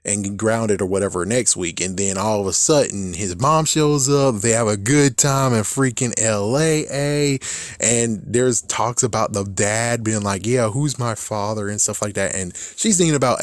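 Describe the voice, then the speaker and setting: A man's voice: fairly low pitch, no room sound, clean studio sound. A man recapping a TV show in a casual, exasperated rant, swearing a lot and laughing often.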